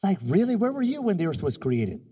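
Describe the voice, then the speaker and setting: A pastor in his fifties preaching in a church, animated and joking as he acts out little scenes. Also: high voice, fairly quick, breathy edge, in a large hall. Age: 50s. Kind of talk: sermon.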